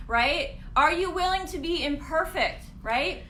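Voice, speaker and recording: A Canadian woman co-hosts a casual live business coaching chat. She tells animated stories full of acted-out quotes. Her voice sits high and bright, with a roomy echo around it. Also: a little slow, few pauses, a little hiss or hum. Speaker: co-host.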